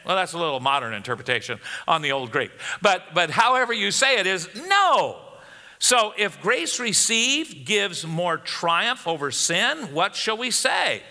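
Bright-voiced preaching man in a reverberant church. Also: sits high, lively intonation, moderate pace, hardly any pauses. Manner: emphatic preaching, rising for questions. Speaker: pastor. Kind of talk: sermon. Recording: long hall reverb.

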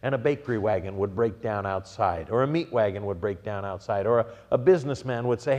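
A man's voice: medium pitch, expressive, normal speed, darkish tone, in a large hall. Storytelling male pastor preaching. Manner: storytelling with acted-out quotes, building to emphatic peaks. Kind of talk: sermon.

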